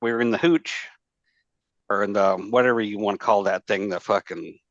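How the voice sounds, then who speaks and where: A man's voice: on the low side, fairly even intonation, normal speed, a bit bright, no echo. Profane rambling man, dull dry audio. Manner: rambling, profane, many fillers and restarts. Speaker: podcast guest, former Marine. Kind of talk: casual storytelling chat.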